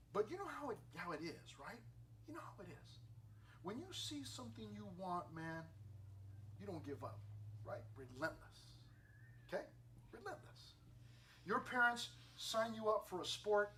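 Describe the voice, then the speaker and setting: Animated, playful male youth preacher. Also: high voice, slight background noise. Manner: animated, playful, acts out scenes. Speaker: youth pastor. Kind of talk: youth sermon.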